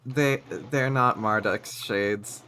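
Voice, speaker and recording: A man's voice: lowish voice, takes it slowly, sharp tone, smooth. A man streaming a game in casual chat who laughs often and stumbles over his words while correcting himself. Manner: rambling, corrects himself mid-sentence.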